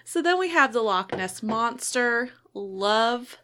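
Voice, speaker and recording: A woman co-hosting a podcast in casual chat, relaxed and chatty, with many fillers. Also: fairly high pitch, takes it slowly. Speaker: podcast co-host.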